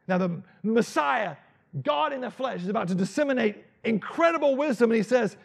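A male pastor preaching a dramatic, animated sermon and acting out Bible scenes. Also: sits high, a little fast, vocal fry.

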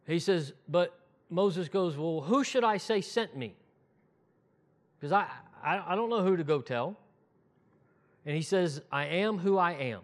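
A man preaching a conversational sermon, dropping his voice low and soft when he quotes scripture.

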